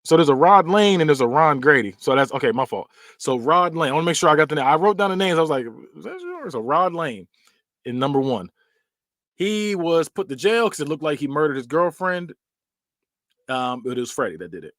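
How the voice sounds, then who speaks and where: A man's voice: a little high, no echo, studio quality. A man hosting a podcast, casually recapping horror movie scenes and acting out bits with sound effects. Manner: animated storytelling, acts out scenes with quick sound effects and laughs. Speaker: podcast host.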